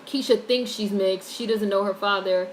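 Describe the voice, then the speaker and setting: A woman's voice: medium pitch, fairly even intonation, normal speed, low-quality recording. Blunt woman commentator, faint hiss. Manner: blunt, opinionated, swears freely. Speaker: YouTube commentator reading chat. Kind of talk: casual livestream commentary.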